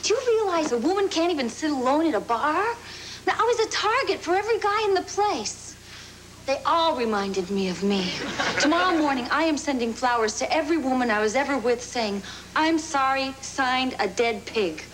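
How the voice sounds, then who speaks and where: A woman's voice: high voice, expressive, normal speed, background noise. An actress playing a former womanizer reborn as a frightened young woman, pleading and tearful by turns with wry jokes, in 1980s sitcom style. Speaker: sitcom lead. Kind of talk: 1980s television sitcom acting.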